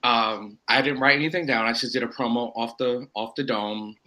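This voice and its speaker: A man from Florida, a wrestler guesting on a podcast, telling a rambling story full of quoted self-talk and quick asides. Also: medium pitch, steady tone, sharp tone, slight background noise, rough recording. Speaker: indie pro wrestler guest. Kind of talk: casual podcast chat.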